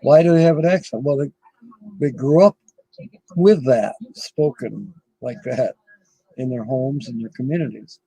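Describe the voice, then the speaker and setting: A man's voice: mid-range voice, a little slow, creaky, dark tone, slightly rough, no echo, low-quality recording. A middle-aged man hosting a casual livestream from his RV, rambling and chuckling often as he chats with viewers. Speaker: livestream host.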